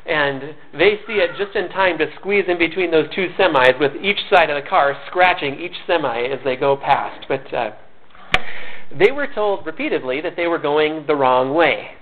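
A man delivers a sermon in a slightly high voice, earnest and conversational, now and then stumbling over and repeating a word. The recording is thin and narrow, like a phone line. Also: lively intonation, normal speed, slight background noise. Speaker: pastor. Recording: tinny phone-like sound.

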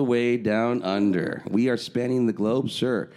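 This podcast co-host has a mid-range, slightly mellow voice and takes his time. He chats loosely, leans on frequent fillers, and breaks into laughter readily.

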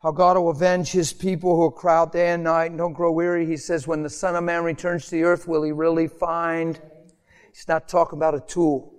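A man preaching a sermon with passion, swinging between high emphatic peaks and soft, quiet pleading, and acting out quoted voices along the way. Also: flat delivery, brisk, clear, resonant tone. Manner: impassioned, rising to high emphatic peaks then dropping soft; acts out quoted voices in conversational asides. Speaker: pastor.

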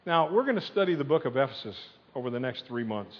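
A man preaching a sermon as pastor, telling the story in a lively, conversational way and leading the crowd in chants. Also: mid-range voice, fast talker. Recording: dull sound in a long-echo hall.

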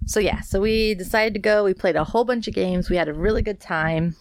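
A woman's voice: mid-range voice, brisk, no echo, studio quality. A woman hosting a podcast in a casual, chatty, rambling way, sounding congested from allergies. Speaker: podcast host. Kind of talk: casual solo podcast chat.

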